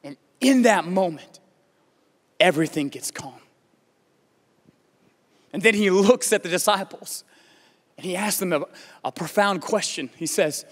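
An American pastor with a notably high voice delivers a sermon, moving from a relaxed story into fervent, pleading passages. His words ring out with the long reverb of a large church hall. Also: unhurried, long pauses. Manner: storytelling preacher, rising to impassioned pleas. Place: church auditorium.

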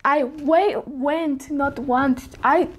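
Mexican lady vlogging, high voice, slow careful tongue twisters, keeps tripping and restarting. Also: fairly even intonation, a little hiss or hum. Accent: Mexican Spanish. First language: Spanish. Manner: stumbling, self-correcting, giggly. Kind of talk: casual tongue-twister attempts.

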